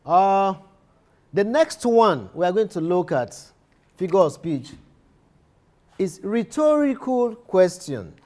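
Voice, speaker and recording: A man's voice: high voice, big pitch swings, slow pace, long pauses, darkish tone. Man repeating points in a lecture. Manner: repeats key phrases, restarts sentences often. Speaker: literature teacher.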